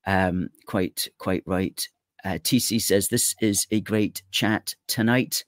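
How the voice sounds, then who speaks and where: Low-voiced man hosting an online show. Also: steady tone, a bit bright, no room sound, clean studio sound. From Scotland. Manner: reads out viewer comments, brisk wrap-ups. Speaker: host.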